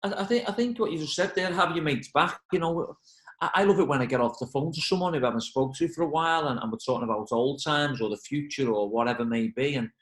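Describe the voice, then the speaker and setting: A man's voice: a little high, quick pace, echoey room, poor audio. A football manager, chatting in an interview and acting out the voices in his stories. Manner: animated storyteller, acts out quoted voices. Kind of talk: casual interview.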